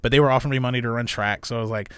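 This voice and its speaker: Profane, animated young man telling stories. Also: medium pitch, rapid-fire, clear, resonant tone, no echo, studio quality. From Illinois. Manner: profane, animated, acts out voices with laughs. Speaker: podcast guest, comedy club manager. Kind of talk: casual storytelling.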